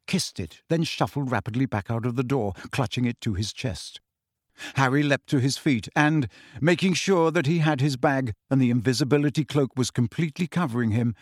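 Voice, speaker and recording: A man reading a novel aloud in scripted narration with expressive storytelling. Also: mid-range voice, no echo, studio quality. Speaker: audiobook reader.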